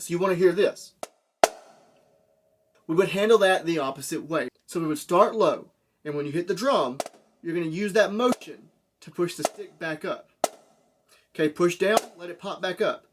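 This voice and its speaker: A man teaching a drum lesson, explaining step by step and checking in with "okay?" and "right?". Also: a little high. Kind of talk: classroom lesson. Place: room with a drum. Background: drum hits.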